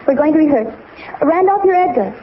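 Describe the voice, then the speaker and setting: A woman's voice: sits high, lively intonation, a little fast. An actress playing a bubbly, bossy teenage girl in a 1940s radio comedy, on a dull old broadcast recording with faint hiss. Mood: coaxing. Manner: bright, chirpy, bossy.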